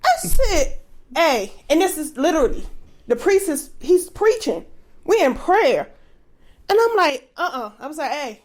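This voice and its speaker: A woman's voice: sits high, big pitch swings, measured pace. A woman co-hosting a casual podcast with her husband, giving short, blunt replies and telling stories plainly. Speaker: podcast co-host. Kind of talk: casual chat.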